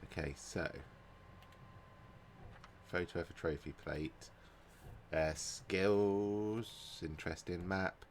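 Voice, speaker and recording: A man with a low, deep voice talks through a game as he plays, hesitating and thinking out loud. He sounds groggy, as if he just woke from a nap, and hiccups and burps now and then. A faint hiss sits under the recording. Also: slow pace, long pauses. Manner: rambling, hesitant, thinking aloud. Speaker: gaming YouTuber. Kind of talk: casual let's-play commentary. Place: at home, recording without a camera.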